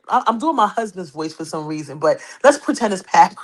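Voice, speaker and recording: A brash, teasing woman hosts a celebrity gossip podcast in a high, bright voice. She riffs animatedly and keeps throwing a "huh?" at her listeners. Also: wildly swooping pitch, normal speed. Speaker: podcast host. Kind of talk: casual celebrity gossip commentary.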